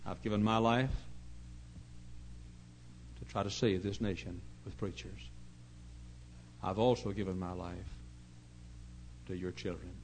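Gravelly middle-aged man preaching a sermon. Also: deep voice, fairly even intonation, a little slow, pauses often, a little hiss or hum, low-quality recording. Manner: earnest storytelling, swinging from hushed asides to loud emphasis. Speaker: pastor.

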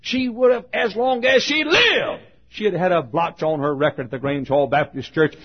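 An older man preaching a fervent sermon as pastor, swinging from shouted exhortation to low, quiet asides. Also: lively intonation, normal speed, slightly rough. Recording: dull lo-fi sermon recording.

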